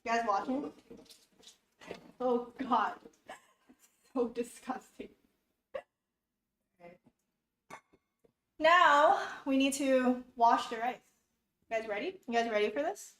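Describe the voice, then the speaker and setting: Her voice is on the high side and fairly bright, but she speaks slowly and pauses often. She's a young YouTuber cooking at home for viewers, chatty and somewhat flustered, giggling as she talks herself through each step amid roomy kitchen echo and faint noise.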